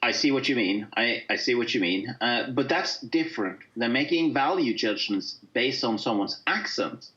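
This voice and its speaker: Halting man with a dull lo-fi sound. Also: medium pitch, animated, pushed and bright. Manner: halting, many fillers and restarts. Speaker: guest. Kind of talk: casual discussion.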